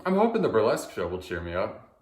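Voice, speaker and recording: Man, deadpan comic monologue, hesitant restarts, quiet trailing asides, echoey room. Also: on the low side, fast talker. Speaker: auditioning performer.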